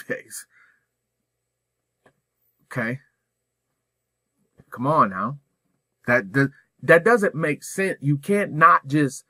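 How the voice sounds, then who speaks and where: A man's voice: a little high, sharp tone, dry recording. A man speaking as a school administrator, giving a direct, emphatic professional development talk full of rhetorical questions.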